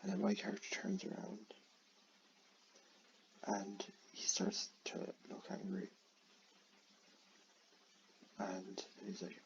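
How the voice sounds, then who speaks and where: A man's voice: on the low side, very animated, unhurried, vocal fry, pauses often, slight background noise. A man casually retelling a plot in a rambling way, full of fillers and restarts. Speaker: creator retelling his own film idea. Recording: dull lo-fi recording.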